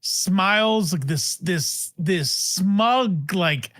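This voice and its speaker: A man's voice: high voice, very slow, fairly bright tone, no echo, clean studio sound. A man co-hosting a podcast in casual chat, laid-back and wry. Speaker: podcast co-host.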